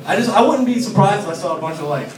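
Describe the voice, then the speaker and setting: Loose, profane young comedian in an echoey bar. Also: male voice, sits high, lively intonation, rapid-fire. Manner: loose, profane, chuckling through lines. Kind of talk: stand-up comedy set. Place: bar and grill at an open mic. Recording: echoey room from far off, crowd noise.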